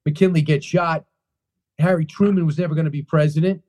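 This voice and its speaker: A man being interviewed about his book, answering in an animated storytelling way, emphatic and full of restarts and repeated phrases. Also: fairly high pitch, fairly quick.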